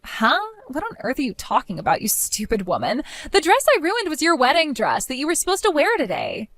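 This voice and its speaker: A woman's voice: high voice, huge pitch swings, a little fast, fairly bright tone, no room sound, exaggerated voice. A woman as a spiteful, mocking young sister. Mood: indignant. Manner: mocking, whiny, pleading. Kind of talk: amateur voice drama.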